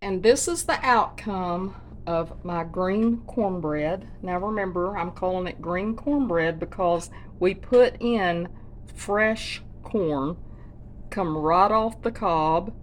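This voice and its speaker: A woman's voice: fairly low pitch, slow, a little hiss or hum. A woman hosting a homestead cooking vlog from her kitchen, chatting to viewers in a folksy way. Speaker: homestead cooking channel host. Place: home kitchen.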